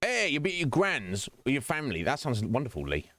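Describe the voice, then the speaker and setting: A man's voice: medium pitch, wildly swooping pitch, a little fast, a bit bright, no room sound, faint music behind. A male streamer chatting casually with viewers during a game stream, rambling and teasing, laughing often.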